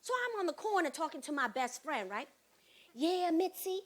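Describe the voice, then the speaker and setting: A comedic solo performer, a middle-aged woman, tells sassy, animated stories on a theater stage, acting out each character she describes. She speaks a little fast in a voice that sits high.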